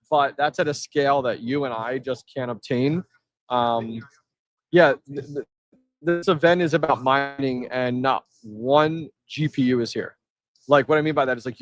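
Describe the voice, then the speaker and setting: A man's voice: mid-range voice, no echo. A man hosting a live stream from an event floor, chatting casually and answering his chat with energy. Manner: energetic, reads chat aloud, quick asides.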